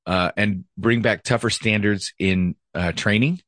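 A man's voice: fairly low pitch, measured pace, fairly bright tone, dry recording. A man who is a former police officer, hosting a casual podcast and talking bluntly with plenty of profanity.

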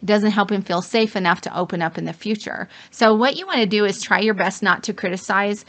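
A woman's voice: mid-range voice, fairly quick, fairly bright tone. A middle-aged woman co-hosting a casual advice chat, walking through points one by one. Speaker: co-host.

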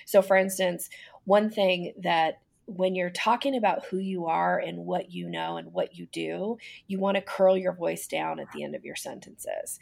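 A woman with a lowish voice and a touch of vocal fry teaches business speaking skills on a podcast. She sounds confident and instructive, and she shows how different inflections sound as she explains them. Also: expressive, normal speed, a little mellow. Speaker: guest, business speaking coach. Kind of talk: conversational podcast interview.

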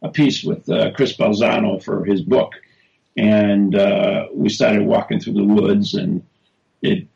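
A middle-aged man, co-hosting a casual podcast with loud, teasing banter. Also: on the low side, fairly even intonation, takes it slowly, gravelly. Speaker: co-host. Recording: dull lo-fi sound.

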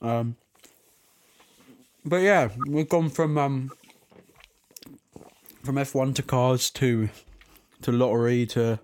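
A man's voice: mid-range voice, slow, pauses often, a little mellow, smooth. A young man hosting a casual podcast, rambling and swearing freely. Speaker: podcast host. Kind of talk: casual chat.

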